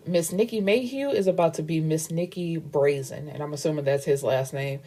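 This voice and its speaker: Book-show host: a woman, low and mellow, chatty and slangy plot recap. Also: moderate pace.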